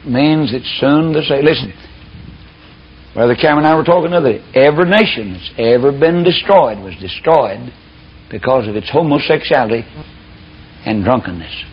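A preacher delivers a fiery, folksy sermon, his voice swinging widely in pitch. It sounds husky and gravelly, and the recording is dull and lo-fi. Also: lively intonation, moderate pace.

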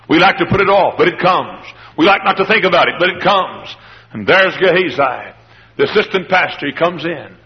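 High, animated preacher man in a muffled hall. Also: a little fast, slight background noise. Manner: dramatic, acts out the characters in the story, shouts at climaxes. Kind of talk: revival sermon.

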